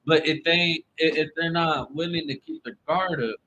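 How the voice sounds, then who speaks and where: A man's voice: a little high, moderate pace, sharp tone, highs cut off, a little hiss or hum. A man giving a casual online tarot reading, blunt and profane, with loose, rambling phrasing. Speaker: tarot reader.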